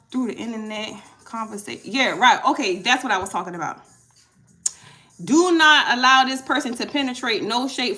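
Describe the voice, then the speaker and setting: A woman giving a casual tarot reading, emphatic and preachy, arguing her points out loud. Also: a little high, animated, normal speed, faint music behind. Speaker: tarot reader.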